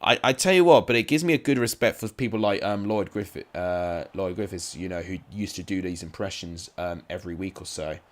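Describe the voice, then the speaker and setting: A man's voice: low-pitched, fairly quick, hardly any pauses. A man giving casual live-stream commentary on simulated football matches, chatty and rambling, with asides to his viewers.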